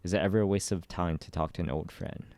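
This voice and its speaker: A man reading the lines of a wry, weary aging male statesman in a low, gravelly voice. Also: steady tone, quick pace, a little mellow, dry recording, close to an everyday voice. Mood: wistful.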